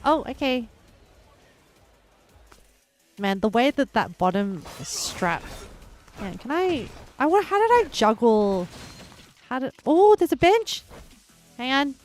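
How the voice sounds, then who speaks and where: A woman's voice: high-pitched, sing-song, unhurried, darkish tone, slight background noise. A young woman streamer giving giggly, chatty let's-play commentary and reading her chat aloud.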